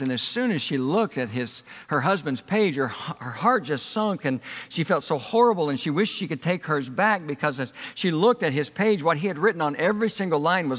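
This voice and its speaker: A man's voice: a little high, a bit bright. A pastor preaching a sermon to his congregation, emphatic, letting his voice swell and drop for effect. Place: church hall. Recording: reverberant church hall.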